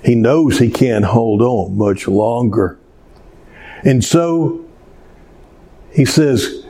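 Slow, mellow-voiced male preacher. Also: mid-range voice. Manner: slow, earnest preaching with dramatic storytelling. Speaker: pastor. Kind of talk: sermon.

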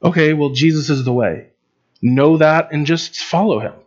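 A man's voice: on the high side, moderate pace, muffled recording. A man preaching in an informal, conversational way, with frequent fillers and restarts. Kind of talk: informal Bible teaching.

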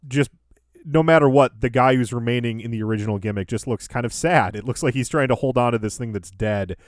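A man hosts a podcast and walks through the show beat by beat in a relaxed, chatty way, chuckling now and then. His voice sits at an ordinary middle pitch. The sound is close and dry, with no room around it. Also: brisk, no room sound. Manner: recaps events in order, laughs easily. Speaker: podcast host. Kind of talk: casual recap chat.

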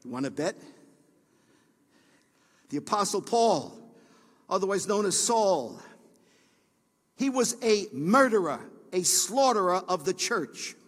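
A man preaches to his church, his voice sitting high for a man. He pulls the room in with quiet, low lines, then rises to loud, soaring cries. The sanctuary gives every phrase a long echoing tail. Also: big pitch swings, slow, pauses often, breathy edge. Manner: preaching with swells from hushed lows to shouted peaks. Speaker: pastor. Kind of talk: sermon.

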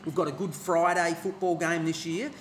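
Australian man, higher voice, roomy sound. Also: steady tone, normal speed. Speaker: podcast co-host. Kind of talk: casual podcast discussion. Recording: roomy studio with faint noise.

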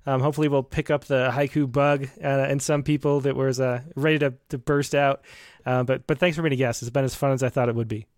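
A man hosts a conversation at a quick pace, upbeat and encouraging. His voice sits at a middling pitch and sounds close and dry. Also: flat delivery, no echo. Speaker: podcast host. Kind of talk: conversational interview.

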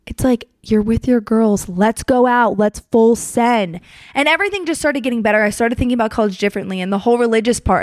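A young adult woman hosts a podcast and shares a story in a chatty, candid monologue, acting out the quotes and swearing freely. Her voice is mid-range, captured as dry, clean studio sound.

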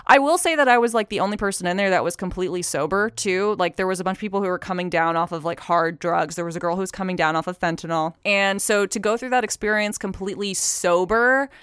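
A woman's voice: medium pitch, fast, few pauses, a bit bright, clean tone, no room sound, clean studio sound. A young woman vlogger telling a personal story in a casual, chatty way, with lots of fillers and free swearing.

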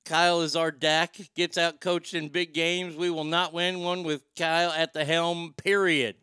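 A man's voice: fairly high pitch, level tone, a little slow, pushed and bright, clear, resonant tone, no room sound, clean studio sound. A man hosting a casual live chat, reading viewer comments aloud and swearing freely. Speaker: talk show host reading chat.

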